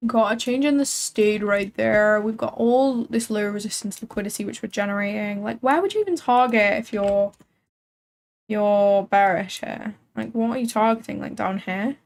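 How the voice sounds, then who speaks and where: A woman's voice: medium pitch, moderate pace, vocal fry, darkish tone. A woman hosting a live trading stream, chatting casually and thinking aloud with frequent filler words. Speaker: livestream trading host.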